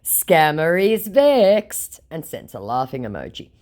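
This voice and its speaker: Woman narrator, lower voice, very animated pitch, sarcastic, mocking, reading chat aloud. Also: measured pace.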